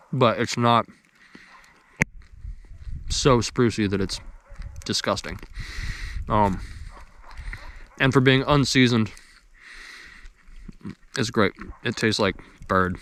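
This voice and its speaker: A man's voice: fairly low pitch, a bit bright, slight background noise. A young man in casual talk to the camera outdoors by a campfire, easygoing and rambling, chewing as he talks. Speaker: outdoors vlogger.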